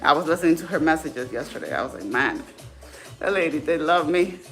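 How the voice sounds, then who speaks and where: A woman's voice: sits low, expressive, fairly quick, fairly bright tone. Woman, 30s, fitness vlogger, candid and heartfelt casual talk, faint music bed.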